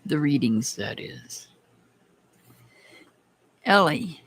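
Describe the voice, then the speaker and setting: A tarot reader hosts a casual live-stream reading with a slow, unhurried delivery. The voice carries a gravelly rasp throughout. The reader talks chattily and calls out viewers by name. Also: medium pitch, a bit bright.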